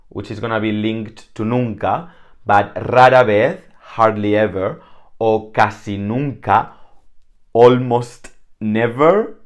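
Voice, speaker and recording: A man from Spain with a Spanish accent, teaching an online language lesson. He speaks slowly and deliberately, in a fairly low voice. He chats casually and repeats example words.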